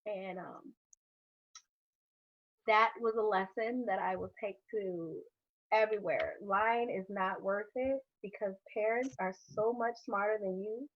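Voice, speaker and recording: On a casual podcast, a mother tells a story from her youth, animated, laughing a lot, and swearing freely. Her voice is medium-pitched and unhurried, and the recording's highs are cut off.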